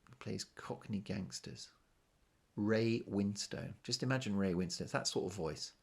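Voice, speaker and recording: A man's voice: fairly low pitch, normal speed, gravelly, darkish tone, breathy edge. A middle-aged man, hosting a podcast and talking casually to his listeners, often asking them questions. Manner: chatty, conversational, asks the listener questions. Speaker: podcast host. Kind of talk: casual monologue.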